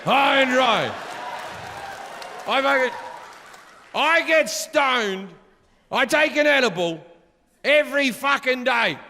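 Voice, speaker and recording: A man performing a stand-up routine, profane and bursting into shouts. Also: very high-pitched, animated, slow pace, pauses often. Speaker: stand-up comedian. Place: theater stage before a live audience. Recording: long hall reverb with audience noise.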